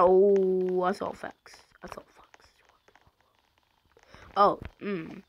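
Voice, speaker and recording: A woman playing an online game, slightly hoarse from being sick, excitedly calling out what happens on screen. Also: mid-range voice, slow pace, pauses often, low-quality recording. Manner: excitable, shouting out reactions to the game. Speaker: gamer.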